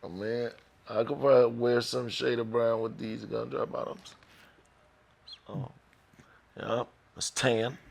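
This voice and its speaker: A man's voice: medium pitch, steady tone, unhurried, vocal fry, pauses often. A man co-hosting a casual sports podcast, laid-back and joking as he talks with friends. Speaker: podcast co-host.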